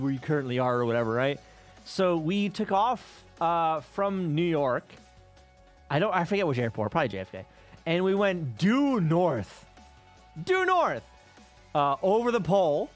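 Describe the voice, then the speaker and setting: A man livestreaming, casually telling rambling travel stories to his viewers with plenty of swearing. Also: a little high. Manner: profane, rambling travel storytelling. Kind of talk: casual chat with stream viewers.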